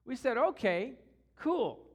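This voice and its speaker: A middle-aged man preaching a sermon through personal stories, acting out voices with shouts and growls. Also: very high-pitched, takes it slowly, slightly rough. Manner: animated, acts out quotes with shouts and growls. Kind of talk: storytelling sermon.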